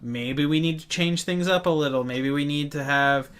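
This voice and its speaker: A man's voice: a little high, normal speed, fairly bright tone, smooth. A man co-hosting a casual nerd podcast, rambling through comic-book talk with lots of fillers. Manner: rambling, filler-heavy, acts out quotes. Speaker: podcast co-host.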